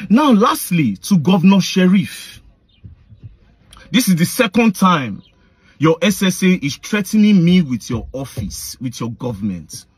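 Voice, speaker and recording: Male vlogger, Nigerian Pidgin accent, husky voice, swings high and low in a heated rant. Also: no echo. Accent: Nigerian Pidgin English. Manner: heated, accusatory, addresses his targets directly. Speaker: online commentator. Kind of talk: confrontational vlog rant.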